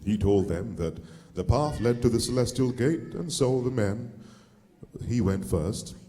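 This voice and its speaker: A man narrating a play as a storyteller, steady with occasional fillers. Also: mid-range voice, a little slow, big-room sound, slight background noise.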